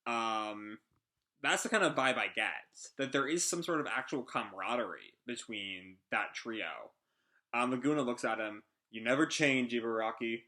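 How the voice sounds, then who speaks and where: Bright-voiced man reacting to a manga. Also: medium pitch, expressive, moderate pace. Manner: rambling with many fillers. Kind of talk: casual live chapter reaction.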